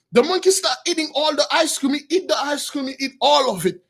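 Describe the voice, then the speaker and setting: A man preaching through an animated moral story, excitable and bursting into shouts, in simple non-standard English. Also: very high-pitched, brisk, gravelly.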